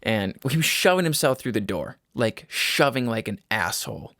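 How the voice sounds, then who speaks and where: Gravelly, profane young man rambling. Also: mid-range voice, animated, normal speed, a bit bright, no room sound, studio quality. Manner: rambling, profane, laughs at himself. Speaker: podcast host. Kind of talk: casual solo podcast monologue. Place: a home room.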